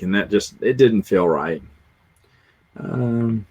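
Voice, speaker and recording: Hosting a livestream, a middle-aged Southern American man reads comments and wanders through stories in a casual, self-deprecating way. He speaks unhurriedly in a fairly low voice.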